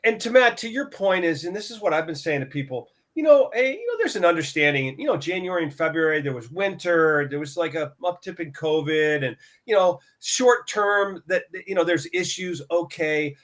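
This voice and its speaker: A man's voice: fairly high pitch, expressive, moderate pace, hardly any pauses, a bit bright. A man on a market discussion panel, talking casually and retelling his conversations with suppliers in quoted dialogue. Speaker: lumber buyer on a market talk show.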